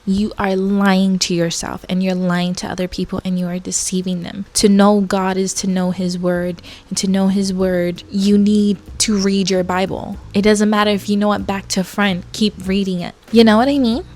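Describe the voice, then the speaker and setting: A young woman with a mixed accent that drifts between sounds chats openly through a casual question-and-answer video. She is frank, laughs easily, and keeps an everyday pitch. A faint hiss sits under the recording. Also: a little mellow. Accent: mixed, shifting accent. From New Zealand. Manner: chatty, candid, laughs often. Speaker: vlogger and makeup artist. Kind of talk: casual chit-chat Q&A. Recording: faint background noise.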